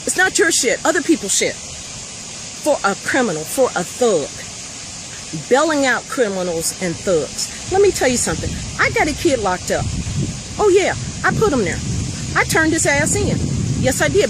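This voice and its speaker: A woman's voice: a little high, normal speed. Blunt, profane woman ranting over vehicle noise. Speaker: mother. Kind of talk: impassioned rant. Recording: steady vehicle noise behind.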